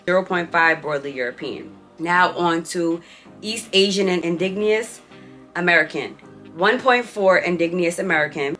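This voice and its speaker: Woman vlogger, young, low voice, chatty and playful, faint music behind. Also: normal speed, a bit bright. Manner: chatty, reads out results with playful asides. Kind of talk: casual vlog chat.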